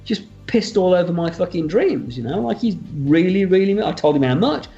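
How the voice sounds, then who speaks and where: A man's voice: sits high, a little fast, gravelly, dull audio, faint music behind. A man in a casual interview, telling a story with energy, swearing freely and acting out what others said. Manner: animated, swears freely, acts out quoted dialogue. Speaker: film writer and director, interview guest.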